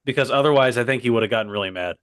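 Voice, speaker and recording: A man's voice: medium pitch, very fast, fairly bright tone. A young man co-hosting a comedy podcast. He rambles and keeps drifting into side tracks, and the sound is close and dry, with no room echo. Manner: rambling, digressive, keeps saying "by the way". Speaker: co-host. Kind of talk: casual comedy podcast chat.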